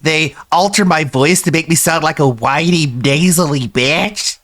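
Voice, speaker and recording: A man's voice: fairly high pitch, measured pace, a bit bright, voice pushed up. A man putting on a whiny, nasal voice to mock another content creator, in sneering mock sincerity. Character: whiny nasal man mocking a rival streamer.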